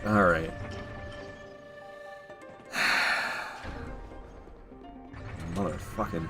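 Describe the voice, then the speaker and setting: A man's voice: fairly low pitch, expressive, moderate pace, music in the background. A man streaming a video game, rambling and joking through casual commentary and swearing freely.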